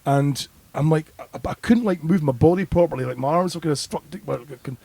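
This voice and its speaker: A man on a podcast telling a drunken party story with animated, swearing delivery and acted-out reactions. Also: a little high, brisk, gravelly, no echo. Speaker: podcast co-host. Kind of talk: casual chat, anecdotes.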